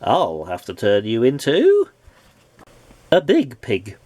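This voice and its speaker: A stern storybook wizard who scolds bad manners and slows down to threaten, as a man voices him while reading aloud. His voice is husky and lively in pitch, heard up close and dry. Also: dry recording, heavily acted. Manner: stern, deliberate. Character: stern magical wizard who punishes rudeness.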